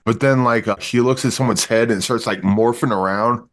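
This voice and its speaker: A man's voice: medium pitch, normal speed, a bit bright. A man reviewing movies on a podcast in casual chat, rambling through the plot with stumbles and restarts.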